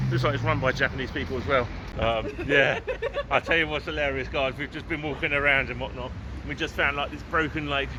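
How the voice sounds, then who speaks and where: An English man from England vlogging his travels while walking around, chatty and grumbling, with mild swearing and frequent chuckles. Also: mid-range voice. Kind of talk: casual walking vlog. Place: city streets outdoors. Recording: loud street and traffic noise.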